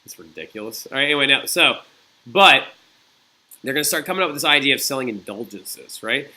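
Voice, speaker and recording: A man's voice: medium pitch, lively intonation, a little fast, sharp tone. A man teaching a recorded history lesson in a chatty, digressive way, often checking in with "right?" and "okay?". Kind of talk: recorded classroom lecture.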